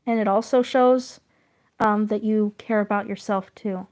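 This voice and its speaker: A woman streaming while she draws, chatting casually and gently encouraging her viewers. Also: mid-range voice, steady tone, measured pace. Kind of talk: casual chat.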